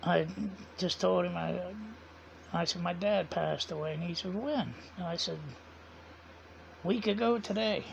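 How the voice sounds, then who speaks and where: A man with a strongly gravelly, rough voice that sits a little high for a man. He tells a story casually and rambles, retelling each conversation line by line with "I said" and "he said". The sound is dull and lo-fi. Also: flat delivery, normal speed, a little hiss or hum. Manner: rambling, repeats quoted dialogue with "I said" and "he said". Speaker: vlogger.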